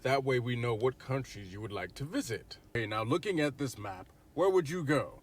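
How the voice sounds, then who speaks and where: A man's voice: medium pitch, lively intonation, normal speed. A man performing a comedic skit who sounds exasperated and swears freely.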